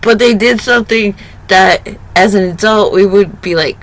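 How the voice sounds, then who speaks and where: A woman sharing reflective spiritual stories in a vlog, often breaking into laughter and getting animated as she retells funny moments. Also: moderate pace. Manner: animated retelling, rising pitch when excited. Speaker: vlogger.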